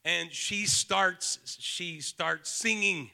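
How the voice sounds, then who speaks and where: A male pastor delivers a sermon to his congregation in a very high, piercingly bright voice. A gravelly fry runs under his words as he swings from hushed teaching to shouted, fervent preaching, urging the room to speak out loud. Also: very slow. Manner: builds from soft-spoken to shouted, fervent preaching; calls on the congregation to respond aloud. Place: church sanctuary with a live congregation.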